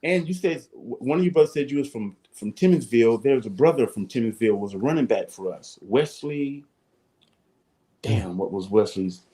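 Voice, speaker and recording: Brief: man, fifties, lively raconteur acting out coaches, mid-pitched. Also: normal speed. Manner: animated storyteller, acts out his coaches and shouts. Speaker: guest, former football player. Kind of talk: storytelling in a talk-show interview.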